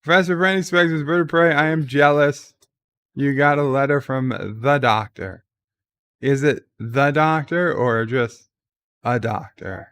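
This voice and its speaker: Slow, drawling man reading chat. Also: medium pitch, clean tone, no echo. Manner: many filler uhs, slow and relaxed. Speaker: livestream host. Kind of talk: casual chat reading viewer comments.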